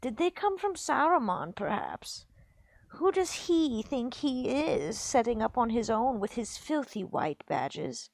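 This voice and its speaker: A woman reading aloud, voicing a sly, evil male orc who sneers in a softer, scheming tone. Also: on the high side, big pitch swings, slow pace, creaky, dry recording, voice pushed up, full character voice. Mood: sneering. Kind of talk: reading a book aloud on a livestream.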